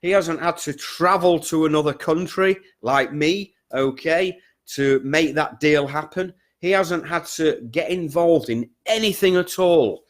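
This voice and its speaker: A man's voice: fairly high pitch, measured pace, hardly any pauses. A man who coaches business students, talking straight to them and repeating his points with frequent "okay?" and "guys". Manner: repetitive, emphatic, keeps checking in with "okay?" and "guys". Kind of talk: direct-to-camera coaching talk.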